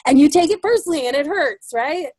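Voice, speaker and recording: A woman's voice: sits high, lively intonation, moderate pace, no room sound. Encouraging woman leading a group, dry sound. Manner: encouraging, affirming, many fillers. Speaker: group facilitator. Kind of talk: leading a women's group discussion.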